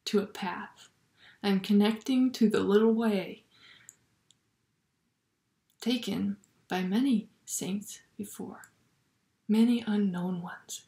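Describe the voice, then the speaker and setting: A woman giving a reflective spiritual talk, thoughtful and unhurried, sometimes dropping to a soft near-whisper. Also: medium pitch. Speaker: Catholic video blogger. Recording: roomy echo.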